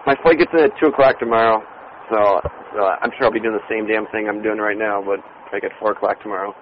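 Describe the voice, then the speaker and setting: A man's voice: lowish voice, fairly even intonation, fast. A man phones in from out on a street, his voice dull and muffled with a faint hiss and some traffic behind. He rambles, swears and laughs through casual chat. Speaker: phone-in co-host. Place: outdoors on a street.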